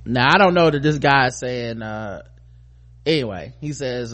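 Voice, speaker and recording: Male host, mid-pitch, casual profane commentary, loose delivery with restarts. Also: a little slow, fairly bright tone. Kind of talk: casual commentary on a viral video.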